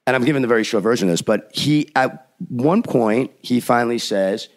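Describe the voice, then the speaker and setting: A man's voice: medium pitch, fairly quick. A man, a film industry veteran, telling a long anecdote on a podcast, acting out what people said with lots of fillers. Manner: animated storyteller, acts out quotes; frequent filler words and restarts.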